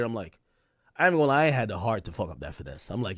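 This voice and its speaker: A man casually telling a long story to his stream viewers, acting out quotes in a lower voice. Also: quick pace, pauses often, husky, no echo. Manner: animated, recounts quotes in lower voice. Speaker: commentator.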